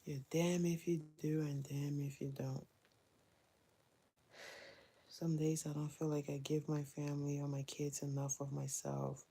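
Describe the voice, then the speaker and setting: A mother vlogs casually while doing housework, candid and chatty, often breaking into laughter. Her voice sits low and gravelly. It has a dark, husky tone. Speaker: mother vlogger.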